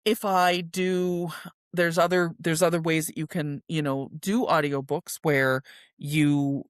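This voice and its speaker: A woman's voice: low voice, flat delivery, slow pace, smooth, no echo, studio quality. A woman hosting a solo podcast, talking casually and self-deprecatingly about her writing, with filler words and restarts. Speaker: podcast host and indie author.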